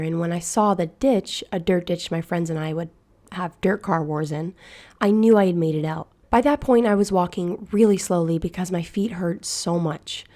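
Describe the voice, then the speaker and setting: Woman narrator for a horror story read-aloud; hushed, measured, mellow tone. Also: lowish voice.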